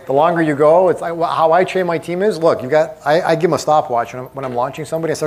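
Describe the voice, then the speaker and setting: An energetic man giving a seminar talk, pushing his points hard and drawing the audience in with questions. His voice sits somewhat higher than most men's. He speaks with emphatic, lively stress. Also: fast, few pauses. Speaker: motivational speaker.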